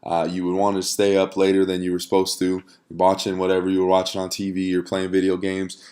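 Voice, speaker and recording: A man with a low, deep voice teaches an online course straight to camera. He keeps it conversational and unpolished, with fillers and frequent "right?" check-ins, as if explaining to a friend indoors. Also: monotone, fairly quick, a little mellow.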